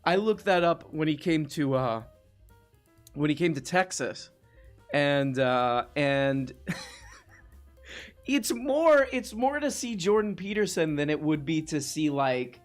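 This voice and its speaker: A man's voice: a little high, animated, takes it slowly, pauses often, faint music behind. A man hosting a live talk show, chatting in a loose, joking, rambling way. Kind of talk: casual chat.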